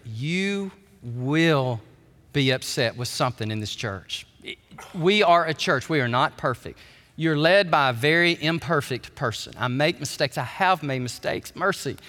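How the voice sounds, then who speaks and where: A man preaching a sermon as pastor, animated, dropping low and soft and then climbing high and loud. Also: measured pace. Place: church sanctuary. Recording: church hall reverb.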